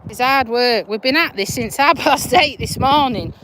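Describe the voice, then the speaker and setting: Woman, Yorkshire-Lincolnshire accent, blunt and chatty, slightly high voice, outdoor phone live stream. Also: normal speed, background noise. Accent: Yorkshire-Lincolnshire English. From Lincolnshire, England. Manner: chatty, laughing, broad and blunt. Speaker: vlogger, nurse. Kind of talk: casual live chat while walking a dog. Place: outdoors on a country walk.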